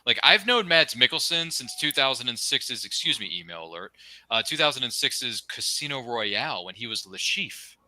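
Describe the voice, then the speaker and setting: Animated, bright-voiced man chatting eagerly. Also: mid-range voice, dry recording. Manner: enthusiastic, gushing, quick asides and pop-culture jokes. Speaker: podcast co-host. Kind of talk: casual fan discussion podcast.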